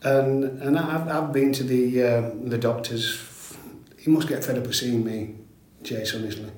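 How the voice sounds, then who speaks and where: A man's voice: mid-range voice, fairly even intonation, darkish tone. An older man, a former footballer talking candidly as an interview guest, rambling and restarting his sentences often. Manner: rambling, halting with frequent restarts and "mate". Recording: echoey room.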